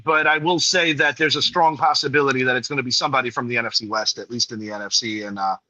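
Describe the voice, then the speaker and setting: Bright-voiced man talking sports. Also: medium pitch, fairly even intonation, fast talker, no echo, low-quality recording. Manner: laid-back, opinionated, laughs along. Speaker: podcast host. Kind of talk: casual sports chat.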